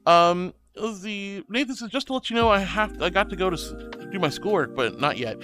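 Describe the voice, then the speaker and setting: A man's voice: high-pitched, lively intonation, a little fast, bright, forceful tone, faint music behind. A man streaming live as a VTuber, reading out viewer messages and thanking them in a gushing, giggly way.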